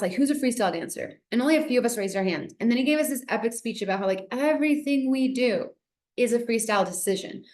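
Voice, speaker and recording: A woman's voice: on the high side, roomy sound. A young woman hosting a casual book discussion, chatty and full of "like," reading passages aloud now and then. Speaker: book club host.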